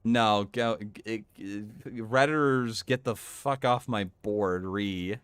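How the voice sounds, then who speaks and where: A man's voice: fairly low pitch, slow, fairly bright tone, smooth, soft background music. A man doing casual reaction commentary, interrupting with crude, rambling and mocking remarks. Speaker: streamer commentator.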